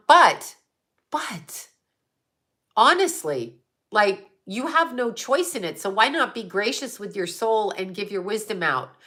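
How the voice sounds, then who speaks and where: A woman's voice: mid-range voice, bright, forceful tone. A woman hosting a casual livestream and answering her chat, talking in a blunt, profane, outspoken way.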